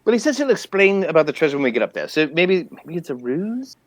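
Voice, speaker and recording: A man musing his way through a tabletop game, his fairly high voice rising and falling in animated swings. He hedges his guesses aloud. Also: quick pace, no echo. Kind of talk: casual in-character game chat.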